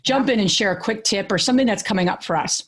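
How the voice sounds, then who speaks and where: A woman in her thirties co-hosting a podcast, telling stories in an animated way with many fillers and restarts. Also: mid-range voice, fast. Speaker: podcast co-host. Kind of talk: casual podcast chat.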